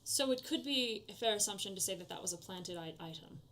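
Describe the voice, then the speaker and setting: A woman's voice: mid-range voice, expressive, a little fast, a bit bright. A woman playing a tabletop game, asking polite, thoughtful questions in character. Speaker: player. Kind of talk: casual tabletop game chat.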